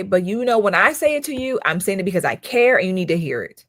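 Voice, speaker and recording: A woman's voice: mid-range voice, very animated, fast, hardly any pauses, fairly bright tone, no room sound, studio quality. A woman in her thirties, a school counselor hosting her own channel, talking in a casual commentary style with emphatic rhetorical questions and frequent repetition.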